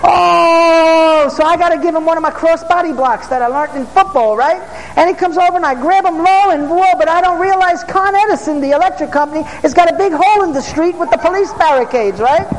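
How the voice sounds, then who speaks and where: A man, a preacher and former police officer, telling stories in a sermon, bursting into shouts and asking for amens. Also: extremely high pitch, fast talker, long reverb tail, slight background noise, low-quality recording. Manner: excitable, bursts into shouts, asks the crowd for amens. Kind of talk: storytelling sermon.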